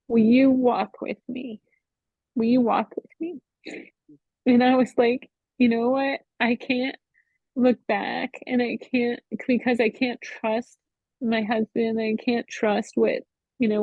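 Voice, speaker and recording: Middle-aged woman, faith testimony, halting and emotional, phone-line sound, dry. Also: a little high, no echo. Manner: emotional, halting, full of "you know". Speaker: Bible study member.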